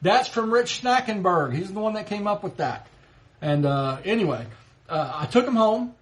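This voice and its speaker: A man in his fifties with a high-pitched voice hosts a live stream and spins a personal story in a relaxed, chatty way. His telling is animated, and chuckles slip in as he goes. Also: normal speed. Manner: animated anecdote teller, chuckles as he talks. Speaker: livestream host. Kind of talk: casual storytelling.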